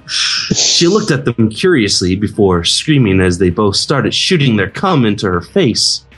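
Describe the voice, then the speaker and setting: A man's voice: fairly low pitch, big pitch swings, takes it slowly, a bit bright, slightly rough. A man reading a story aloud with dry, reluctant delivery. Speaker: reader. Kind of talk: comedic dramatic reading.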